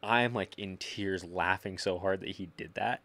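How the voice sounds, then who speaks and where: Young male guest, deep voice, rambling storyteller, casual swearing. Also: unhurried, fairly bright tone. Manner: storytelling, lots of filler "like", swearing. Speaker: podcast guest. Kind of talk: casual chat. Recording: live podcast.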